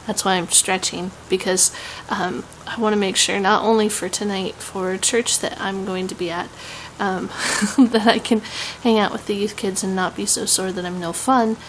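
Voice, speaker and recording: A woman's voice: medium pitch, steady tone, moderate pace, few pauses, slight background noise, low-quality recording. Chatty Southern young woman vlogger. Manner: chatty and rambling, many "um"s and laughs. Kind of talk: casual vlog chat.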